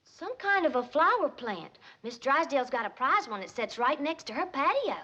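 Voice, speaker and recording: An actress playing a sweet young country girl who talks plainly in a soft rural drawl. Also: sits high, very animated, moderate pace, muffled recording, heavily acted. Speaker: Ellie Mae, hillbilly daughter.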